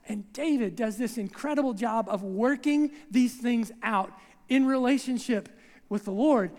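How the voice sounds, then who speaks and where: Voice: mid-range voice, moderate pace, a little mellow, long reverb tail. A preacher giving a conversational sermon who acts out scenes and keeps checking in with the congregation, recorded in a church sanctuary.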